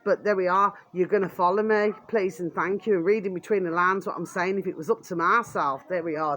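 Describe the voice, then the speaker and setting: A woman's voice: fairly low pitch, fairly quick, hardly any pauses, a bit bright. British woman vlogging, angry rant, swears every other line, coarse and blunt. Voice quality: swears constantly, repeats "there we are" as a filler. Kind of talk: angry ranting vlog.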